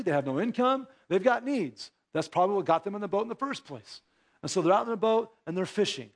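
A man preaching a sermon in a church, conversational, with rhetorical questions and acted-out bits of dialogue. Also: high voice. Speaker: pastor. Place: church sanctuary.

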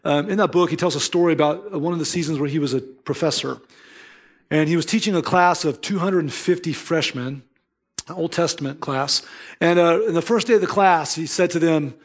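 A man's voice: on the high side, fairly quick. A man preaching a sermon as pastor, earnest and emphatic, mixing scripture with storytelling.

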